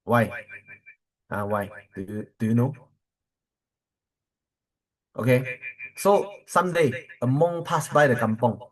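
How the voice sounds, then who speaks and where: A man's voice: mid-range voice, takes it slowly, pauses often, rough recording. A man with a Malaysian English accent, a corporate trainer telling motivational stories and quizzing his audience, with many fillers.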